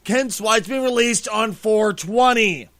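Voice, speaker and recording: A man co-hosting a casual podcast, swearing freely and ranting with lively energy. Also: high-pitched, measured pace, no echo. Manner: profane, animated ranting. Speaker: podcast co-host.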